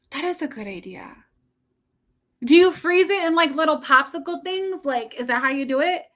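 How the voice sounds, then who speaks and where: Bright-voiced chatty middle-aged woman. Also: high-pitched, lively intonation, measured pace. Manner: rambling, chatty, laughs often. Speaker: livestreamer. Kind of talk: casual chat with viewers.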